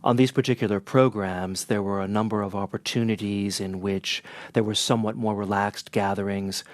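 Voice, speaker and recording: A man with a Northern American accent, an interpreter teaching in a measured, earnest way. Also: on the low side, dry recording. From northern United States. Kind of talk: scripted lesson to camera.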